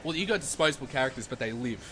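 A man's voice: medium pitch, animated, rapid-fire. A man playing along as a contestant in a casual movie chat, joking and laughing often.

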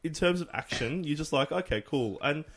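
A man's voice: a little high, a little fast, a crowd in the background. A man in casual podcast chat, describing a film scene at length with many ums. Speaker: podcast co-host.

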